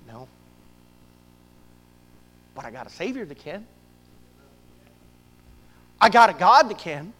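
A man preaching a sermon to his church, swinging from loud bursts to hushed asides. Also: high voice, big pitch swings, takes it slowly, long pauses, big-room sound, poor audio. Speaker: pastor.

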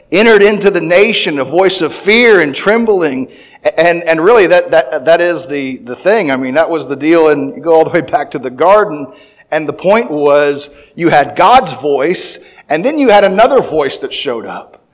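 A man giving a sermon, reading scripture verses aloud and then explaining them, with restarts and fillers, louder and higher on key points. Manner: grows louder and higher when stressing points. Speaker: preacher.

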